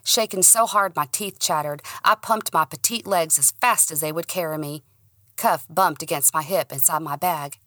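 Bright-voiced woman narrating an audiobook. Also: sits low, moderate pace, no echo, studio quality. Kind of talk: first-person audiobook narration.

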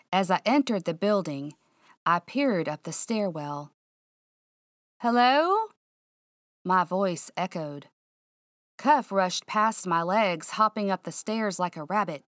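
A woman narrating a first-person mystery audiobook in a hushed, suspenseful, drawling way. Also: lowish voice, no echo, clean studio sound.

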